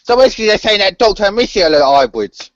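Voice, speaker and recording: A man's voice: sits high, animated, fast talker, no echo. A man co-hosting a fan podcast who talks hesitantly, stumbling over fillers. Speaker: podcast co-host. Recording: dry, lo-fi podcast audio.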